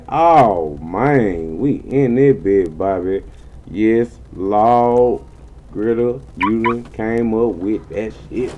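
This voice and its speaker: A man giving casual, slang-heavy gameplay commentary in an excitable way, swearing freely and yelping high when things go wrong. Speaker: gaming channel host.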